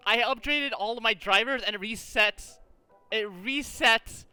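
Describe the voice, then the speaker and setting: A man streaming a game, chatting casually, animated and exasperated, swearing often at a desk mic. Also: sits high, measured pace, clean tone, no room sound. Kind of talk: casual livestream chat while gaming.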